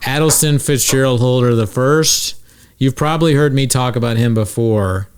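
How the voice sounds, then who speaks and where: A man's voice: medium pitch, normal speed, smooth. A man hosting a podcast in casual chat, rambling and swearing, with lots of "like" as filler. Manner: rambling, profane, heavy use of "like". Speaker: podcast host.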